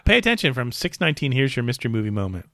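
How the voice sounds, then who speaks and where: A man's voice: mid-range voice, sing-song, rapid-fire, fairly bright tone, slight background noise. A man co-hosting a podcast at home, chatting casually in a jokey, rambling, self-deprecating way. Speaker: podcast co-host. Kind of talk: casual chat. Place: home room.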